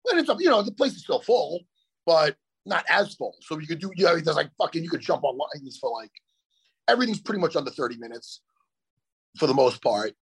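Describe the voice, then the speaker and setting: A man co-hosting a chat show from a hotel room, telling stories in an animated way and swearing freely. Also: fairly high pitch, brisk, creaky, slightly rough. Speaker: podcast co-host. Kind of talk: casual chat.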